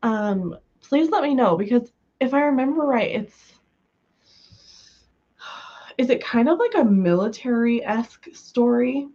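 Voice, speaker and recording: A woman's voice: a little high, expressive, unhurried, pauses often, dark tone, muffled recording. A woman from the US West Coast chatting casually with viewers on a livestream, giggly and full of fillers, just over being sick. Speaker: livestream host.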